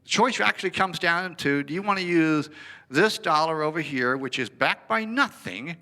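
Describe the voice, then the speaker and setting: A man giving a presentation, an animated storyteller who acts out the dialogue. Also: a little high, normal speed.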